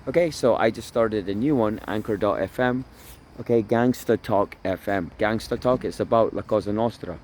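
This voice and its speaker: A man with a somewhat low voice talks into a phone held in his hand while out by the water. He rambles, swears freely and circles back over the same points. Faint outdoor sounds sit behind him. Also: normal speed, a little mellow, a little hiss or hum. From Toronto area. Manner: rambling, profane, repeats himself. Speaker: vlogger. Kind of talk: casual outdoor vlog monologue. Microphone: phone camera held by himself.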